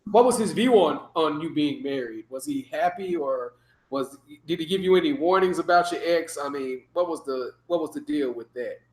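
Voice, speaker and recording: A man's voice: fairly high pitch, moderate pace, husky. A man hosting a livestream, asking questions and brashly trash-talking with profanity. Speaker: livestream host. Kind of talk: casual interview and chat.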